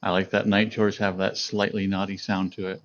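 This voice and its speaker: A man's voice: deep voice, level tone, normal speed, dull audio. A man streaming, chatting casually and telling a story to his viewers, laughing often. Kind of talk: casual chat with chat readers.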